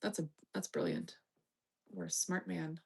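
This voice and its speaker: A woman's voice: on the low side, big pitch swings, unhurried, vocal fry. A woman hosting a casual live stream, reading chat with teasing, bossy remarks and swearing while distracted and muttering to herself. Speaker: livestream host reading chat.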